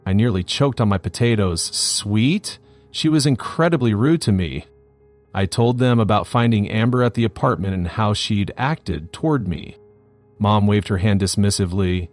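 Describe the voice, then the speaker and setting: A man narrating a scripted first-person story in a steady, matter-of-fact way. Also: on the low side, moderate pace, soft background music.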